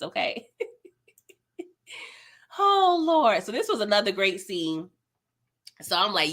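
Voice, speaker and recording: Woman, young adult, live TV recap host, animated, sassy, slangy, laughs a lot, bright tone. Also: medium pitch, slow, long pauses.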